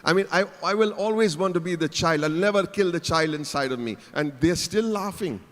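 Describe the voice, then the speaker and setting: On a large conference hall stage, a keynote speaker teases the audience in a playful speech. His voice is on the high side and a little fast, and the hall is reverberant.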